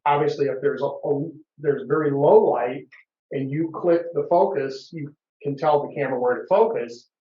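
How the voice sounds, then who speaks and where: Man, fairly high voice, patient explainer, casual club talk, echoey room, dull sound. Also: normal speed. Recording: roomy, muffled meeting recording.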